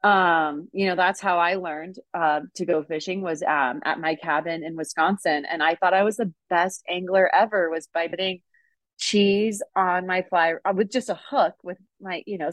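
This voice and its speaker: A woman's voice: fairly low pitch, fairly even intonation, normal speed, dry recording. Effusive woman podcast host. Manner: emotional, effusive, laughing often. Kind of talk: casual conversation. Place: home basement.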